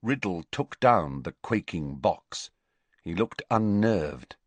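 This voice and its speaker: A male audiobook narrator reads at an unhurried, deliberate pace in a low voice. His pitch still moves in lively swings. The recording is dry and close, with no room sound. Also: no room sound. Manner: even, deliberate storytelling delivery. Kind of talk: scripted narration.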